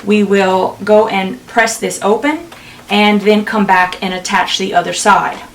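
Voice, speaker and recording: A woman's voice: mid-range voice, measured pace, far from the mic, a little hiss or hum. A middle-aged woman chatting through a quilting sew-along, talking casually with lots of ums and laughing at herself. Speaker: quilting vlogger. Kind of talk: casual sewing tutorial chat.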